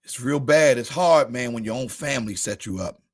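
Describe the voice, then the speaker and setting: A man's voice: medium pitch, normal speed. A man preaching a sermon, addressing the congregation by name with rising and falling volume. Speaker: pastor.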